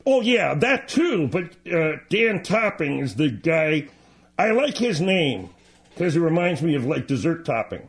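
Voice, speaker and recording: A man's voice: a little high, sing-song, measured pace. A man voicing a dim-witted male sidekick on a radio show, talking in a whiny, dopey, defensive way.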